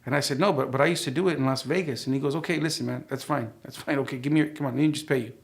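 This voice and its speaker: Middle-aged man, gravelly voice, animated testimony storyteller. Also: mid-range voice, racing. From United States. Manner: animated storyteller, acting out quoted dialogue. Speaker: church member sharing his testimony.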